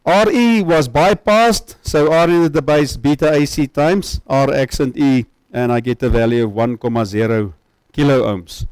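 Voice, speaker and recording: A man's voice: medium pitch, normal speed, a little mellow, clear, resonant tone, dry recording, low-quality recording. A man giving a university lecture, often checking that students follow with tag questions.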